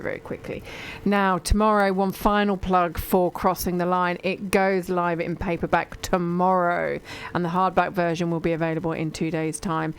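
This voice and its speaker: A woman's voice: fairly low pitch, a little hiss or hum. A woman hosting a radio book show, chatting and plugging books with enthusiasm. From Britain. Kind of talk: casual radio interview chat.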